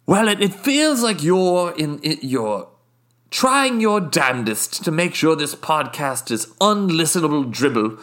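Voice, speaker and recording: A man's voice: fairly high pitch, very animated, a little slow, fairly bright tone. A man voicing a pompous, wealthy British podcast guest with a put-on British accent, talking in a haughty, rambling, condescending way. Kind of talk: improvised comedy character.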